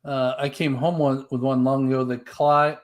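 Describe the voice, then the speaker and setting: A man's voice: mid-range voice, little pitch movement, moderate pace. A man co-hosting a live stream, casually reading viewer comments and chatting about upcoming videos. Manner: easygoing, reads comments aloud.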